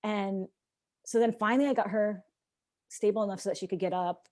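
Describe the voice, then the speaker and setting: A young woman guest on a podcast, telling a story in casual conversation, animated and acting out the voices of people she quotes, with lots of fillers. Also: mid-range voice, fairly quick.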